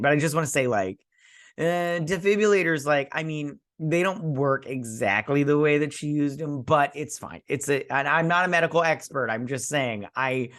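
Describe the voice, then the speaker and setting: A man's voice: fairly high pitch, dry recording, clean studio sound. A man casually recapping a TV episode as a reviewer, rambling with many fillers and restarts and acting out characters' lines. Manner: animated, acts out characters' lines. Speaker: TV show reviewer.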